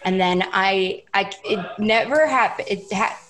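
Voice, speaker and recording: A woman's voice: medium pitch, measured pace, faint music behind. A young woman, a podcast guest, telling a long casual story and acting out what people said. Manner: animated, voices herself and others in quotes, lots of "like".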